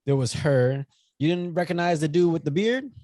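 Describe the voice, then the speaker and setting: A man co-hosting a podcast, talking about a movie in a casual chat, playful and animated. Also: a little high, moderate pace, dry recording, clean studio sound. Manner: animated, playful, acts out silly voices. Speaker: podcast co-host.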